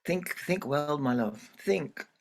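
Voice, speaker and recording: A man's voice: a little high, animated, takes it slowly, creaky, slight background noise, voice pushed up, exaggerated voice. A man doing a meek, pleading moon-father. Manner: soft, hesitant, pleading.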